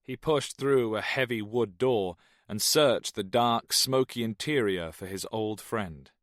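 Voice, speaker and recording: Casting: male audiobook narrator, steady thriller reading, dry close recording. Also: on the low side, no echo. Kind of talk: scripted narration.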